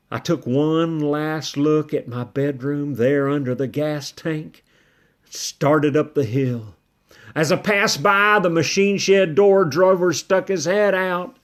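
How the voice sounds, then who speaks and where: A man giving first-person storybook narration as a ranch dog, folksy in manner. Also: a little high. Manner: folksy, slow-paced telling as a ranch dog. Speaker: audiobook narrator.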